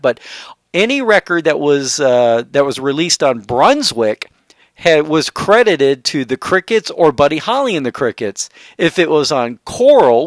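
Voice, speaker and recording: A man hosting an oldies radio show, chatting casually about old records with lots of pauses and fillers. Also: fairly high pitch, no echo. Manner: rambling, many "uh" fillers, trivia-sharing.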